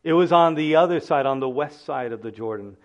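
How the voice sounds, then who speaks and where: A man's voice: a little high, a little fast, highs cut off. A man preaching a sermon as pastor, earnest, acting out the people in the text.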